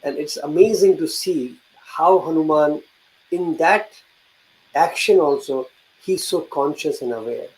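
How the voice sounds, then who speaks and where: A man's voice: a little high, measured pace, low-quality recording. A man hosting a devotional talk, reflective and explanatory, who sometimes reads a passage aloud. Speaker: host.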